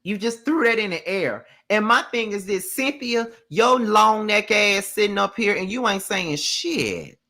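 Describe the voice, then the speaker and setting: A woman's voice: mid-range voice, expressive, measured pace, few pauses, sharp tone. A woman giving a casual live review of a reality show, blunt, profane and exasperated, repeating her points for emphasis.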